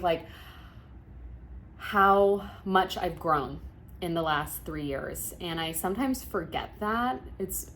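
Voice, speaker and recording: A young woman talks to her camera with a lowish voice as she reflects on how far she has come. She gets emotional, laughs softly and keeps restarting sentences. A faint hiss sits behind her. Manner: emotional, laughing through tears, many likes and restarts. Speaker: vlogger and virtual assistant business coach. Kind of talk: casual reflective talk to camera.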